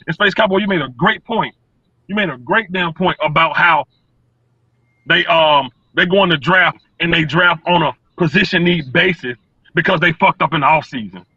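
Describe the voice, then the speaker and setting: A man's voice: fairly high pitch, normal speed, sharp tone, slightly rough, dry recording. A man on a sports talk panel, speaking from his truck, blunt and profane with stumbling repeats. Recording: dull lo-fi call audio.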